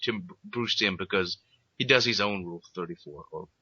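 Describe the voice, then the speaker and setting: A man's voice: deep voice, moderate pace, bright, forceful tone, breathy edge, no room sound, lo-fi sound. A man in a casual review chat who swears freely and gushes with emotional exclamations. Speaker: co-host.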